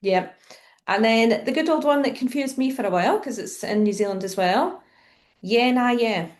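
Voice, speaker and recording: A woman's voice: a little high, normal speed, a little mellow. Woman, Scottish accent, podcast guest, casual chat, inquisitive, laughs easily. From Scotland. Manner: laughs easily, asks questions.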